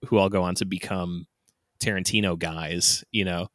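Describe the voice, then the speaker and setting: A man's voice: sits low, fairly even intonation, moderate pace, fairly bright tone, no room sound, clean studio sound. A man co-hosting a podcast in casual chat, laughing often and talking loosely with lots of fillers. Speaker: podcast co-host.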